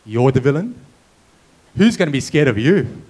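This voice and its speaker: A man's voice: mid-range voice, big pitch swings, moderate pace, mellow, breathy edge, low-quality recording. A man voicing a blunt film set assistant who doubts what she sees. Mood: incredulous. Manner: blunt, incredulous.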